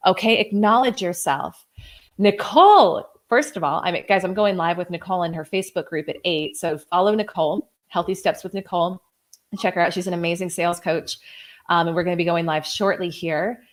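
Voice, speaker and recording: A woman's voice: lowish voice, fairly quick. A woman in her thirties hosting a live coaching stream, reading viewer comments aloud in a gushing, effusive way, full of "like" and exclamations. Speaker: host and coach.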